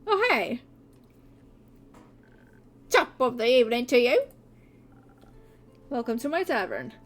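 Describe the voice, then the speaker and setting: A woman voicing a gentle, wise innkeeper who gives encouraging advice. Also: on the high side, sing-song, takes it slowly. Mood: cheerful. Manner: warm, encouraging counsel. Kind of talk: fan voice acting of a game.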